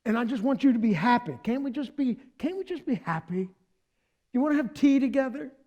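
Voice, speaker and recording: A man putting on a timid people-pleaser with a soft, high, pleading voice. He coaxes and soothes gently, giving in to keep everyone happy. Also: animated, fairly quick, muffled recording. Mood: placating.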